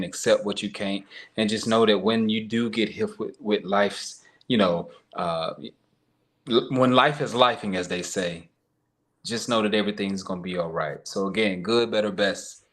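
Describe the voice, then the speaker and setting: A man's voice: on the low side, a bit bright. A man speaking as a guest on a live-streamed interview, talking earnestly with plenty of "um" and "you know" fillers.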